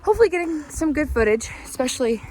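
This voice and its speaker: A woman's voice: high voice, fast talker. Chatty woman vlogging on a mountain hike. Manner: chatty, excitable, laughs often. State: out of breath. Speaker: travel vlogger. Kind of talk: casual hiking vlog. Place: outdoors on a mountain trail.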